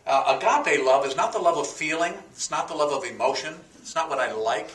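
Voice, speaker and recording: A man's voice: on the high side, brisk, fairly bright tone, distant mic. A man teaching a sermon, explaining words one by one in a folksy way with fillers and a joke. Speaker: pastor. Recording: echoey room, voice from off the mic.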